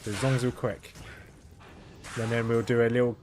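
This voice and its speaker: A man talking over his own gameplay in a flat, monotone way, drifting from thought to thought and restarting sentences. His pitch sits in a middle range. A faint hiss of noise runs under the voice. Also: a little fast. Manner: rambling, self-correcting, chuckles to himself. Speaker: gaming video host. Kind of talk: casual gameplay commentary.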